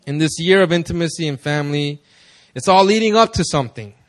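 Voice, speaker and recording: A young man preaching at a prayer meeting, telling stories in a loose, conversational way, often laughing and jumping up in excitement. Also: on the high side, fairly quick. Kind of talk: casual sermon with storytelling.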